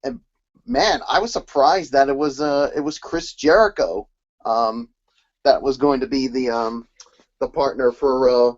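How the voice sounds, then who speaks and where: A man's voice: mid-range voice, unhurried. A man co-hosting a wrestling recap show, talking hesitantly with many fillers. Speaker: podcast co-host. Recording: muffled lo-fi audio.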